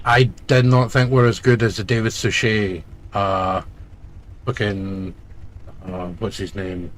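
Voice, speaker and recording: A man's voice: mid-range voice, a little hiss or hum. Male co-host, blunt and sweary, casual argumentative banter over a game. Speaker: let's play co-host. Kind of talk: casual chat over gameplay.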